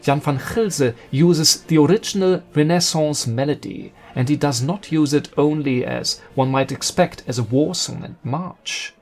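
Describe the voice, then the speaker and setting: A man's voice: a little high, measured pace, few pauses. A man giving an earnest, admiring scripted narration about opera. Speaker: video essayist.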